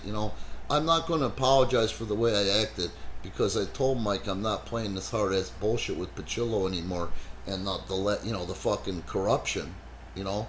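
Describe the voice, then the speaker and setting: A man hosting a wrestling podcast, telling stories in a blunt, profane, animated way with lots of "you know.". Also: fairly low pitch, fairly quick, a little hiss or hum. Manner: animated, swears heavily, frequent "you know". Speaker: wrestling promoter and podcast host. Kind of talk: casual profane podcast storytelling.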